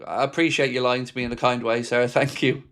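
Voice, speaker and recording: A man hosts a fan live stream in easy, animated chat. He reads out viewer comments and answers each commenter by name, his pitch sitting in the middle range for a man. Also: fairly quick, clear, resonant tone.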